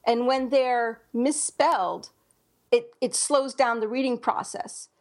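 A woman with a fairly high voice co-hosts a casual podcast about writing. She talks in a chatty, loose way, circling back with fillers and restarts as she works out her points. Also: slow pace, a little mellow. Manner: chatty, thinks aloud with many fillers and restarts. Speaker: podcast co-host, writer.

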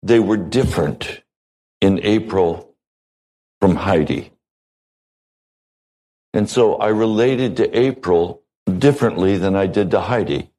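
A man delivering a sermon from the pulpit, in the unhurried, measured manner of a seasoned pastor. His voice sits a little low and he leaves deliberate pauses between short phrases. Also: dark tone, rough recording.

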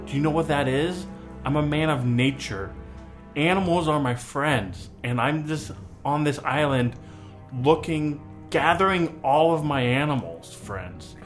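A man's voice: a little high, measured pace, faint music behind, lightly acted. A man playing an earnest, rambling druid. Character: earnest male druid, nature-loving dreamer.

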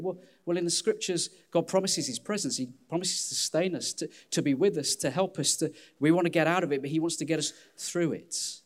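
A man preaching a sermon as pastor, candid and self-deprecating, with an animated delivery. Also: a little high, fairly quick, hardly any pauses.

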